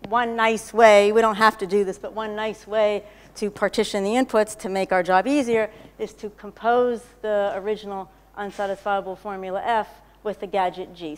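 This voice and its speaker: A woman giving a technical lecture, explaining step by step, often checking with "okay?" and clearing her throat. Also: mid-range voice. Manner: explanatory, frequent "okay?" checks and self-corrections. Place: lecture hall. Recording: lecture hall reverb.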